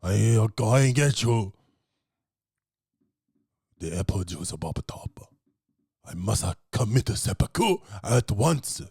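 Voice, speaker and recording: Guy doing a grumpy hostess voice, flat and curt, totally over it. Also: on the low side, slow, pauses often, husky, no echo, studio quality, heavily acted. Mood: grudging. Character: sullen grudging female restaurant hostess.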